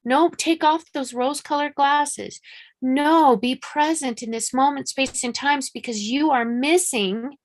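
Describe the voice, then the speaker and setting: A woman with a fairly high voice gives a live-streamed psychic reading. She talks frankly and chattily, swears casually, and drives her points home by repeating them with urgency. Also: a little slow. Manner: urgent coaching tone, repeats for emphasis. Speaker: psychic medium.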